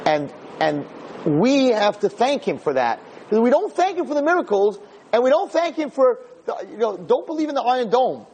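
A male rabbi preaching a sermon, telling miracle stories with animated energy, often restarting and speaking directly to his audience. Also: normal speed, slightly rough. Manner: animated, climbing to excited high pitch in stories; frequent restarts and asides to the audience. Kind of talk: storytelling sermon.

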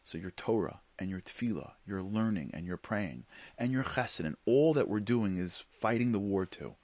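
A middle-aged man giving a sermon as a Jewish teacher, telling a story in an animated way and acting out the voices. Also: fairly low pitch, normal speed, no echo.

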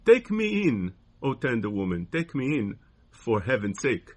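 Sly snake, a man reading its lines, husky, begging in a sing-song. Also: mid-range voice, big pitch swings, unhurried. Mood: pleading. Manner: sing-song repeated plea. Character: sly, pleading male snake turned mocking. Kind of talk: reading a poem aloud.

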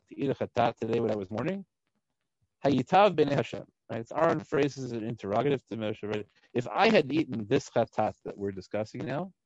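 Male Torah teacher, mid-pitched, reads Hebrew verses and explains them, keeps asking "right?", lo-fi dry audio. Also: no room sound. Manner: animated, frequent "right?" checks. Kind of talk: text study lesson.

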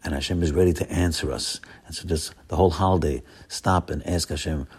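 Husky low-voiced rabbi guy preaching, gets loud then drops to a mumble, repeats stuff. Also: steady tone, a little fast. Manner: emphatic, swings from loud exclamations to low murmurs, repeats words. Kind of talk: Torah class on Hanukkah.

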